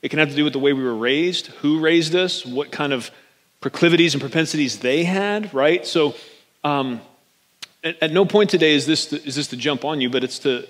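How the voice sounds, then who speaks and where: A man's voice: a little high, a little fast, in a large hall. A man preaching a casual, joking sermon as a pastor, often checking in with his listeners. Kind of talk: conversational sermon.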